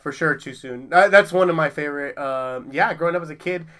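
Casual podcast co-host, male, quick and bright, animated and profane. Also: fairly high pitch. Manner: animated, swears a lot, laughs often. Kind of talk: casual chat.

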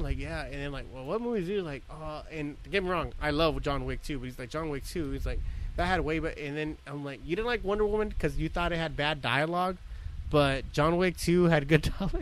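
A young man hosting a podcast, telling crude, rambling, animated stories in casual chat. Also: on the high side, a little fast, slight background noise. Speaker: podcast host.

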